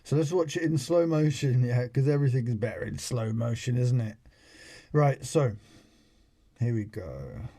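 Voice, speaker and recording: A man's voice: medium pitch, lively intonation, moderate pace, vocal fry, warm tone. A British man casually commentating over a video clip he plays for viewers, talking in a sarcastic way full of rhetorical questions. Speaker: channel host.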